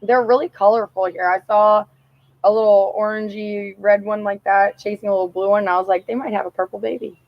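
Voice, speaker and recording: A young woman vlogging outdoors, telling a rambling story in a casual, profane, animated way and laughing often. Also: mid-range voice, brisk, dry recording, dull audio.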